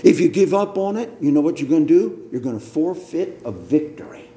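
A male pastor preaching a sermon, emphatic and deliberate, often repeating words as he teaches. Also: a little high, animated, warm tone. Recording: roomy echo.

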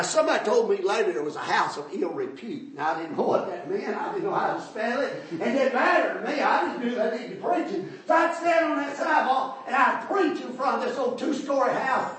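An older man, preaching a folksy testimony sermon in a church, storytelling that rises to shouts. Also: very high voice. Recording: echoey hall, far from mic.

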